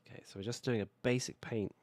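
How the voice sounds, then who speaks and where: A British man with a hoarse voice from a cold, casually chatting while he builds in a city-building game. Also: medium pitch, fast, no echo. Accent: British English. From Britain. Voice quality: relaxed, rambling, self-correcting. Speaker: video game streamer. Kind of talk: casual gameplay commentary.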